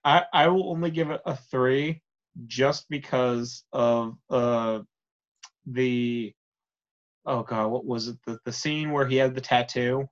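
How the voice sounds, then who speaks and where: A man's voice: mid-range voice, slow pace. Joking young man with a lo-fi sound. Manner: joking, swears freely. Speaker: podcast co-host. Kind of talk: casual chat.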